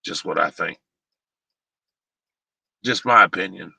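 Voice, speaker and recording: A man's voice: sits low, slow pace, gravelly, bright, forceful tone, husky, no echo, low-quality recording. A man streaming live, chatting casually in a rambling, sarcastic way.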